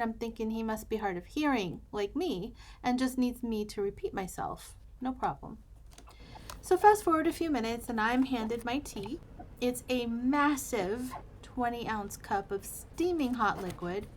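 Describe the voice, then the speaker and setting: A woman's voice: a little high, animated, measured pace, a little hiss or hum. An American woman hosting her journaling channel, telling a wry, humorous travel story in a casual chat.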